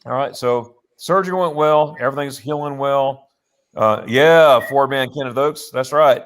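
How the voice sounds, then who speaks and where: A man's voice: mid-range voice, moderate pace, clear, resonant tone. A man hosting a casual live show, telling a long rambling story with many restarts from his home office on a laptop. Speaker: host.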